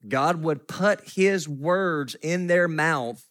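A man's voice: a little high, animated, slow, hardly any pauses, fairly bright tone. Man preaching a folksy sermon. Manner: storytelling with self-deprecating humor and laughs. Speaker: pastor.

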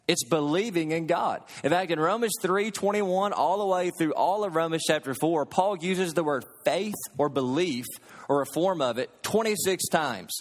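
A man preaching a sermon as pastor, folksy and storytelling, in a church sanctuary. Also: a little high.

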